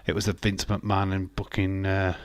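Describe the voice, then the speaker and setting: This man's voice sits low with little pitch movement, at normal speed, clean in tone with no room sound. He has a Yorkshire accent and hosts a live watch-along, giving chatty, opinionated reactions, laughing frequently and jumping around topics.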